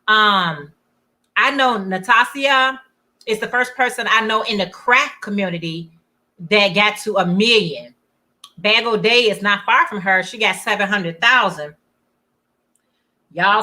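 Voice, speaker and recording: A woman's voice: medium pitch, unhurried, sharp tone. A middle-aged woman hosting a casual livestream, chatting and reading comments aloud, often saying "y'all". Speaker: livestream host.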